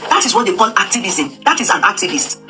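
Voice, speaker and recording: A Nigerian woman speaks with a very bright, sharp tone, talking through her opinions in an emphatic, repetitive way with many hesitations and Pidgin asides. Faint music plays underneath. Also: medium pitch, very animated, fast. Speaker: commentator. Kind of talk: casual opinion talk.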